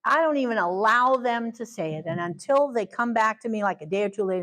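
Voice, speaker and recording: A middle-aged woman gives a parenting training talk in a lively, animated way. She slips into quick acted asides as children and parents, then carries on teaching. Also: medium pitch, rough recording.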